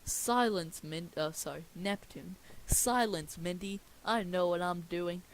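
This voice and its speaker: A man voicing a pompous, hot-headed sea king with a booming, commanding delivery. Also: unhurried, a little hiss or hum. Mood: imperious. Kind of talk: comedic script reading.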